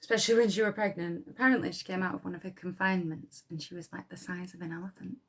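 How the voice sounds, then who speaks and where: An actress playing a blunt, defiant young wartime munitions worker with a Yorkshire accent, who swears freely and talks with scorn. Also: female voice, lowish voice, fairly even intonation, fast. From Yorkshire, England. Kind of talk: dramatic monologue.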